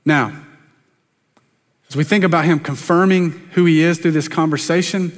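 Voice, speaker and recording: A pastor with a high voice preaches to his congregation. He keeps it chatty and jokes at his own expense. His words ring with the long reverb of a church sanctuary. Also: steady tone. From South Carolina, US. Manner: conversational, self-deprecating preaching with quick asides to the congregation. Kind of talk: sermon.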